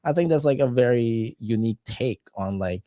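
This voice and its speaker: A young adult man, a guest on a podcast, talking in a rambling, animated way with lots of fillers. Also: mid-range voice, moderate pace, dry recording, studio quality. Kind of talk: casual chat.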